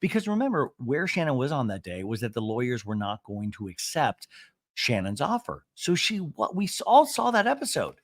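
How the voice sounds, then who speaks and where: A man's voice: medium pitch, moderate pace, no room sound, clean studio sound. A man hosting a podcast, recapping a reality show in casual, gossipy chat and acting out the quotes. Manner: animated, gossipy, acts out quotes. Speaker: podcast host.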